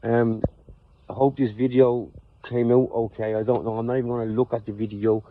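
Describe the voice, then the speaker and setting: Halting Irish man on a tinny phone recording. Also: medium pitch, level tone, no room sound. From Ireland. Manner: halting, repeats and restarts his words. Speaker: vlogger. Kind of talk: off-the-cuff personal monologue. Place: outdoors.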